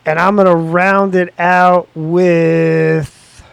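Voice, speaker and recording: A man co-hosting a podcast who chats in a relaxed, opinionated way. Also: sits high, extremely slow, creaky, smooth, no room sound. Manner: laid-back, opinionated banter. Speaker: podcast co-host. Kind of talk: casual podcast chat.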